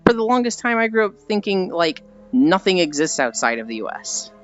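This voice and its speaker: A man's voice: high voice, very animated, a little fast, a bit bright. An American man chatting casually on a live stream, rambling and reading chat aloud. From United States. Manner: rambling, chatty, laughs at own stories. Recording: dull lo-fi audio with faint background music.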